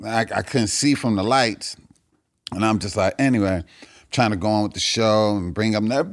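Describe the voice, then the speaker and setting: Brief: male comedian with a low voice and a dry, close sound, spinning animated and profane stories. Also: a little slow, dry recording. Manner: animated, profane, acts out the characters in his stories. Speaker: guest comedian. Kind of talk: storytelling in a podcast chat.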